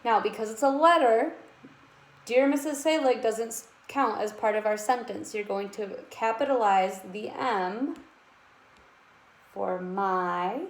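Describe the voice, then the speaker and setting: A woman teaching a kindergarten writing lesson, sounding out letters slowly and encouraging young children. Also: mid-range voice, reverberant.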